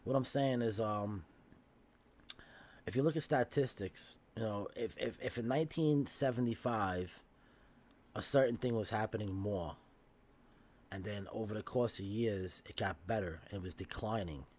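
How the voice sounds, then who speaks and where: A man's voice: on the low side, normal speed, darkish tone. A middle-aged man with a thick Brooklyn accent, a podcast guest chatting bluntly and swearing freely. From Brooklyn, New York. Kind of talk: casual podcast chat.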